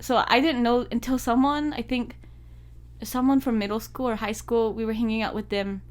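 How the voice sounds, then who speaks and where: A woman's voice: fairly high pitch, fairly even intonation, moderate pace. Laid-back joking woman podcast co-host. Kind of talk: casual chat.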